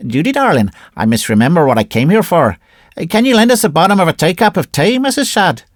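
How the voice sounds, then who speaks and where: A man's voice: sits high, sing-song, brisk, no room sound, studio quality, voice pushed up. A man voicing a bitter old woman who lays curses and later wheedles. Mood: wheedling. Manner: prophetic, wailing, bitter. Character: old Irish woman, bitter soothsayer cursing.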